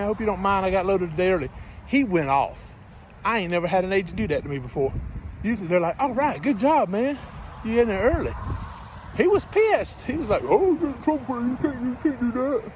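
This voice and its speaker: A man telling a casual story beside his parked truck, laughing often and acting out conversations. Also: sits high. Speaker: truck driver vlogger. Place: outdoors by a parked truck in strong wind. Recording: windy outdoor noise. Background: wind and passing traffic.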